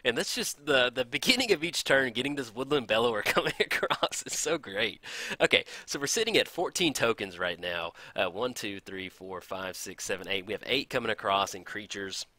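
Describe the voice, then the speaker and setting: An excitable man narrates his card game play in a casual, chatty way, laughing often and cheerfully owning up to his slip-ups. His voice is bright and forward, with lively swings in pitch. The sound is dry and close. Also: normal speed, dry recording. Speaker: gameplay commentator.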